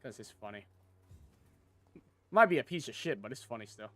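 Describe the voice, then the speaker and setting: A man's voice: mid-range voice, animated, normal speed, bright, forceful tone, dry recording, soft background music. A man streaming a video game late at night, explaining the mechanics in a loose, rambling, profane way. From United States. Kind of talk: casual gameplay commentary.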